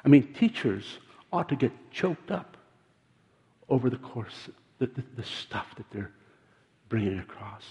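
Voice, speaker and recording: An older man preaching a sermon, earnest and halting, often repeating words as he tells stories. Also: mid-range voice, sing-song, darkish tone. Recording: dull sound in a large reverberant hall.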